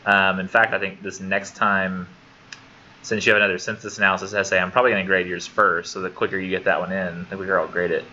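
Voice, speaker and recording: Chatty man teaching, bright voice. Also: low voice, level tone, quick pace, dull audio. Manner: chatty, rambling, self-deprecating. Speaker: college literature instructor. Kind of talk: casual classroom lecture. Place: classroom. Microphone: classroom computer camera for remote students.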